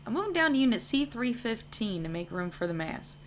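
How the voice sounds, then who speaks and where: A woman's voice: fairly high pitch, big pitch swings, brisk, slight background noise, voice pushed up. A woman reading the lines of a reflective male church janitor from a narrative video game in her own everyday voice, in a musing, matter-of-fact way.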